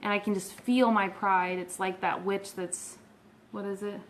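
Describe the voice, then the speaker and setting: A woman's voice: mid-range voice, level tone, measured pace, slight background noise. A woman in her thirties, co-hosting with her husband, speaking in a frank and plainspoken way. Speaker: co-host, pastor's wife. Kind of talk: casual conversation.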